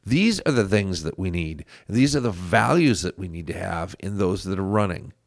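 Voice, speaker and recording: A man's voice: low voice, lively intonation, normal speed, gravelly, no room sound, clean studio sound. A man hosting a political podcast, speaking earnestly as he urges listeners to get involved. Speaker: podcast host. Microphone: studio microphone.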